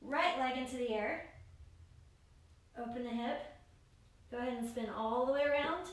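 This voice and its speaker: A woman yoga instructor giving steady spoken cues for each pose and breath in a guided class. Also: high voice, normal speed. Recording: very echoey room, voice far from mic.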